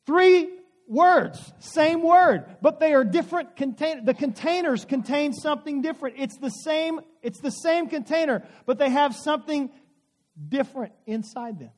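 High-voiced male pastor preaching. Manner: storytelling, drawn-out emphasis, folksy asides. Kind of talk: sermon.

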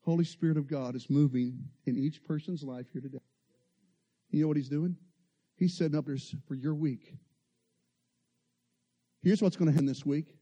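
High-voiced fervent male preacher. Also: steady tone, normal speed, pauses often. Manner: impassioned, rising to loud fervent peaks. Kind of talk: sermon.

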